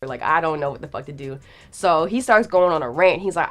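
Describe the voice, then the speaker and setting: Animated young woman telling a story. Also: sits low, fairly quick. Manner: animated, slangy, acts out quotes. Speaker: guest storyteller. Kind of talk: casual storytelling.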